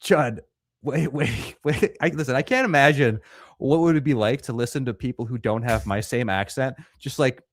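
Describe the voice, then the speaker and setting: Reading out superchats on a relaxed livestream he co-hosts, a young man answers viewers with crude humor. His voice sits at medium pitch with moderate pacing, and there is no room sound.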